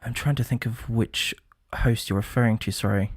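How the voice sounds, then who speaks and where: A man's voice: medium pitch, steady tone, normal speed, slightly rough, dry recording, clean studio sound. A man with a West Country accent, a guest speaking politely and nervously and reciting verse. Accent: West Country English. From West Country, England. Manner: nervous, polite, laughs often. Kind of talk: casual chat and dramatic recitation.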